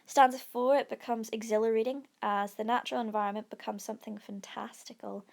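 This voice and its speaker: Woman with a gravelly voice explaining a poem. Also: on the high side, steady tone, brisk. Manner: explanatory, with frequent ums and restarts. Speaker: teacher. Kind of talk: poetry analysis lesson. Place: recorded over an iPad whiteboard presentation.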